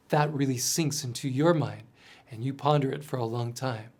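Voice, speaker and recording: A man narrating a scripted story in the second person, earnest and gently dramatic, often dropping to a soft voice. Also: medium pitch, moderate pace, slightly rough. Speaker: mission storyteller.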